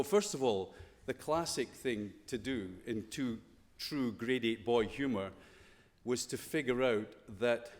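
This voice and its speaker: A man's voice: mid-range voice, in a large hall. Scottish man giving a chapel talk. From Scotland. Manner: conversational, playful, full of rhetorical questions. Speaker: school chapel speaker. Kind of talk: informal chapel talk to students. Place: school chapel.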